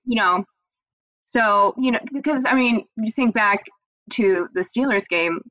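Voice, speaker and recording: Bright-voiced woman guest, laughing easily. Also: fairly high pitch, measured pace, no echo, rough recording. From near Pittsburgh. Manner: relaxed, laughing easily, lots of fillers. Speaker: TV sports reporter guest. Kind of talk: casual interview answers. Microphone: remote computer call.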